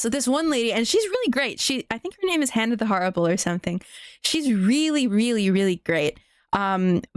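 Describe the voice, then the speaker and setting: A woman's voice: fairly high pitch, no echo, studio quality. A young woman streaming live, chatting casually in a rambling, profane rant full of restarts. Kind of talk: casual livestream chat.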